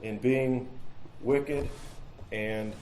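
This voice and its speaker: A man's voice: mid-range voice, steady tone, drawn-out words, dark tone, reverberant, a little hiss or hum, poor audio. A man teaching a midweek Bible study in an earnest, conversational way, repeating phrases and asking rhetorical questions, recorded in a church room.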